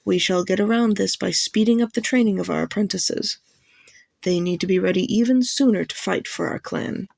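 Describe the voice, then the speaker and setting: A woman's voice: medium pitch, moderate pace, vocal fry, dry recording. Woman voicing a commanding she-cat clan leader. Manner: steady, formal addressing a gathering. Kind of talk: audiobook character voice.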